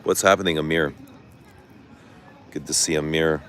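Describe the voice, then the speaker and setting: Outdoors with traffic noise in the background, a middle-aged man hosts a livestream, reading viewer comments and replying in frank, casual talk with some swearing. His voice is rumbling low yet fairly bright, with fairly even intonation and normal speed.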